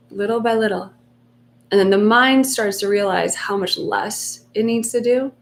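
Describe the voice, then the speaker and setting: Soft-spoken woman coaching a meditation. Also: medium pitch, slight background noise. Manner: soft, unhurried, reassuring, often dropping to a near whisper. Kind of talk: live-streamed guided meditation talk.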